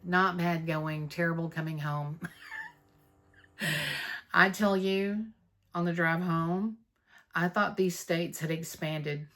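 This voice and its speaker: A woman's voice: on the low side, fairly even intonation, slow pace, long pauses. A woman, chatting casually to camera in a stitching vlog, rambling through her news. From North Texas. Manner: chatty, rambling, warm about friends, with fillers. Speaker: Flosstube vlogger.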